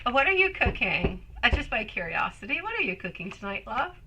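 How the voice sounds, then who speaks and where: A woman's voice: a little high, very animated, brisk, sharp tone, a little hiss or hum, poor audio. A woman hosting a live-stream tarot reading, chatting with viewers and calling them sweetie and my love. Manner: chatty, reads viewer comments aloud and answers.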